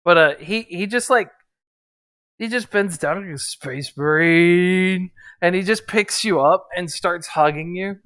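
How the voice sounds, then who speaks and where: A man's voice: sits high, moderate pace, a bit bright, no echo. A man running a tabletop role-playing game, narrating in a loose, rambling way. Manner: loose, rambling, laughing often. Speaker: game master.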